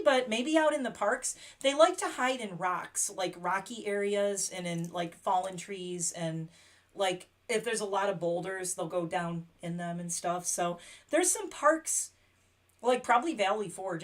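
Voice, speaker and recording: A woman's voice: mid-range voice, expressive, normal speed. A middle-aged woman from Pennsylvania, hosting a casual livestream chat, rambling and laughing often. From Pennsylvania, USA. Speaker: livestream host.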